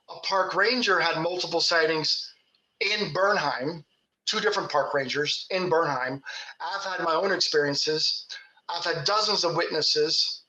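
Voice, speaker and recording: A man's voice: on the high side, bright, forceful tone, reverberant, low-quality recording. A man from Kentucky, a Bigfoot researcher, telling folksy stories with laughs in casual talk. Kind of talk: casual storytelling.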